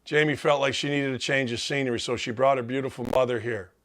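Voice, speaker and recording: A man's voice: mid-range voice, fairly even intonation, quick pace, fairly bright tone. A man hosting a sports talk show, speaking in a heartfelt, tearful monologue of gratitude, choked up and close to crying. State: choked up, near tears. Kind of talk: emotional monologue.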